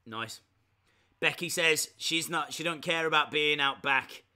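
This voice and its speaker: A man giving casual live reactions as a streamer, chatty with excitable, jokey asides. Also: a little high, unhurried.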